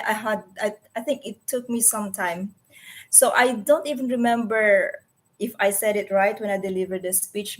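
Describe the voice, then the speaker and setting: A woman in her forties with a Filipino accent, whose first language is Tagalog, hosting a casual live stream from her computer. She talks earnestly and often stops to search for words and correct herself. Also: mid-range voice. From Philippines. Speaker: livestream host.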